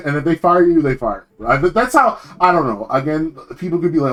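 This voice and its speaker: A young man streaming, ranting casually about work, animated and swearing, jumping high in pitch when indignant. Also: brisk, soft background music.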